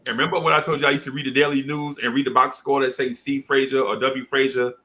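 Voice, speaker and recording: This middle-aged man talks fast in a level, medium-pitched voice that comes across pushed and bright. Chatting casually about his childhood, he uses lots of slang and quotes teachers and kids in their own voices.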